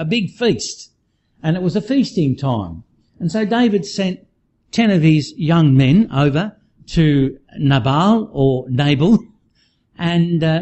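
A man giving a sermon in a conversational, animated way, often restarting his sentences. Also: on the high side, muffled recording, a little hiss or hum. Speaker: preacher.

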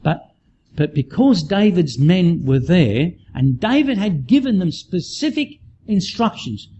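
Animated man preaching in a lively voice. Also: high-pitched, a little slow, highs cut off, slight background noise. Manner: conversational and animated, frequent restarts. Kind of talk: sermon.

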